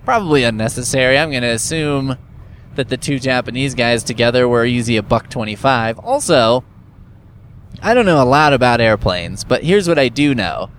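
A man's voice: mid-range voice, animated, moderate pace, fairly bright tone, a little hiss or hum. Sarcastic man rambling through a recap. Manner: sarcastic, profane, rambling with fillers. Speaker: reviewer recapping a story. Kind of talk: casual comedic recap.

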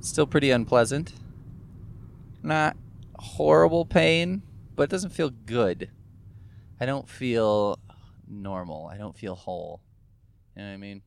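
A man's voice: mid-range voice, slow, gravelly, long pauses, slight background noise. A man talking casually to camera in a rambling, musing monologue, sore from recent gum surgery, swearing offhandedly as he thinks aloud. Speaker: vlogger. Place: in a car.

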